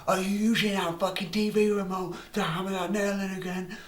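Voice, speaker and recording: A man's voice: high voice, level tone, fairly quick, voice pushed up, natural voice. A man voicing a furious, foul-mouthed mother who screams threats at her son. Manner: screaming threats, swearing nonstop. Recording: roomy room, distant mic.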